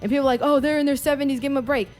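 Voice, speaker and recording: A woman's voice: sits high, fairly even intonation, rapid-fire, a little mellow, faint music behind. A woman co-hosting a podcast in casual chat, telling a story with lots of profanity. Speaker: podcast co-host.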